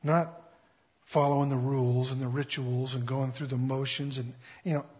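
A man's voice: mid-range voice, flat delivery, normal speed, darkish tone, slightly rough. A man preaching a conversational Bible-teaching sermon in a casual, humorous way, with lots of fillers. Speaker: pastor. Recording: dull lo-fi recording.

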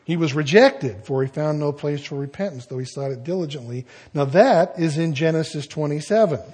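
Husky-voiced preacher, folksy and conversational. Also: male voice, fairly high pitch, brisk, darkish tone. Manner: conversational, folksy asides while reading scripture. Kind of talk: sermon.

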